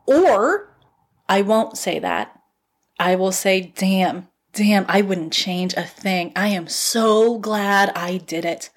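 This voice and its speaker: A woman's voice: mid-range voice, takes it slowly. A woman in her thirties hosting a podcast, giving a casual motivational talk and laughing often as she gets fired up. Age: 30s. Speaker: podcast host. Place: at home. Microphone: phone.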